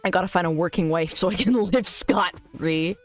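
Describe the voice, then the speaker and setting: A woman's voice: lowish voice, moderate pace, dry recording, faint music behind. A woman VTuber streamer in casual live-stream chat, reading viewer messages aloud and answering them. She talks in a crude, joking and teasing way.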